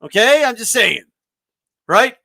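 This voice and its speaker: A man's voice: extremely high pitch, big pitch swings, a little slow, creaky, heavy background noise. A man hosting a boxing live stream in loose, rambling casual chat, cursing freely as he talks to his viewers. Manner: loose and rambling, swears often. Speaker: boxing livestream host.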